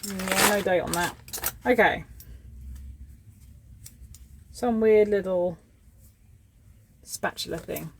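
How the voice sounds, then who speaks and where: A woman in her thirties talks her way through a box of scrap, unhurried and chatty. She thinks aloud in a relaxed, slow rhythm, and faint noise sits under her voice. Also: mid-range voice, vocal fry. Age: 30s. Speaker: scrapping vlogger. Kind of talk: casual commentary while sorting scrap.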